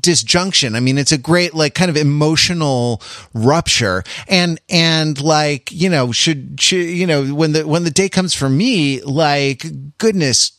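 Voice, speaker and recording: Guy cohosting a podcast, kinda higher voice, rambles and restarts a lot, dead dry mic. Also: unhurried, fairly bright tone, no room sound. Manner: rambling, many restarts and fillers. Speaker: podcast co-host. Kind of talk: casual chat.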